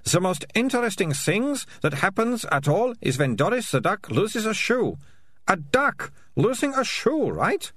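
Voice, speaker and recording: A man's voice: sits high, sing-song, fairly bright tone, breathy edge, dry recording, clean studio sound, pitched above the performer's own voice, heavily acted. A man voicing a bossy, scornful girl. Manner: lecturing, scornful, rapid-fire. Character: bossy, sharp-tongued young girl.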